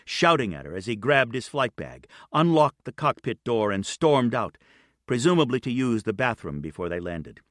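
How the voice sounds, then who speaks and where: An audiobook narrator with a mid-range male voice reads a novel in an even, measured way. The scripted narration is recorded with clean studio sound and no echo.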